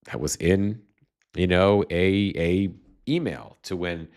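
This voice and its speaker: Deep-voiced sarcastic man hosting a livestream. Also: slow pace, a little mellow, clear, resonant tone. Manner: sarcastic, rambling with restarts. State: recovering from a cold, slight cough. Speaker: livestream host. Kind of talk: casual live political commentary.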